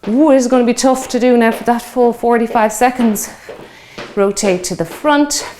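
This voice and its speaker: Woman fitness instructor, fifties, slightly high voice, out of breath, chatty, counting reps. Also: moderate pace, warm tone, a little hiss or hum. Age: 50s. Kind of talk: guided workout instruction.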